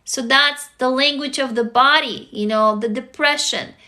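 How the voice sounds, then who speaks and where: Bright, tired woman chatting on a livestream. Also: high-pitched, a little slow. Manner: candid, swears freely, rhetorical questions to viewers. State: tired, sleepy. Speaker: livestream host answering viewers. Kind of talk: casual livestream chat.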